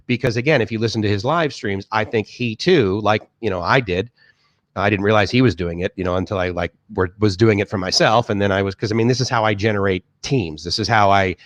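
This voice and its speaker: Low-voiced man rambling on a live stream. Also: fast, no room sound. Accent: Boston. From Boston area, USA. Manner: rambling, many restarts and fillers. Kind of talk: casual live-stream chat reading comments. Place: home, in Bangkok.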